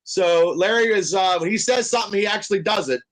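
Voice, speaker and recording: A man's voice: high voice, brisk, fairly bright tone, poor audio. A man chatting casually on a video-call podcast, telling rambling stories that trail off.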